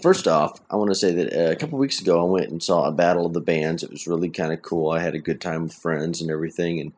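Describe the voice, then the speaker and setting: A man's voice: low-pitched, fast, darkish tone. A man hosting his own podcast from home, talking in a chatty, plainspoken, rambling way. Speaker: podcast host. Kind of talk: casual solo podcast talk.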